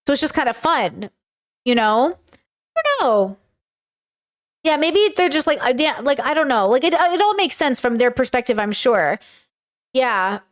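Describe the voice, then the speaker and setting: A woman's voice: high-pitched, sing-song, normal speed, long pauses. A young woman streaming, chatting casually and rambling in reaction to clips, full of fillers and swearing. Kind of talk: casual reaction chat to a live chat.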